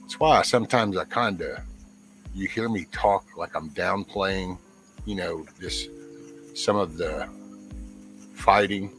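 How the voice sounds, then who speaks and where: Man, middle-aged, very low voice, earnest, rambling with restarts, livestream chat, music in the background. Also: takes it slowly, long pauses, a bit bright, poor audio. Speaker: guest panelist. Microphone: camera mic.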